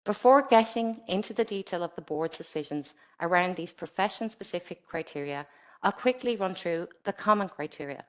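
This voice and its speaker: A woman from Ireland with a slightly low voice delivers a scripted webinar presentation. She reads in a measured, formal way, steady and careful. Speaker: presenter for a regulator.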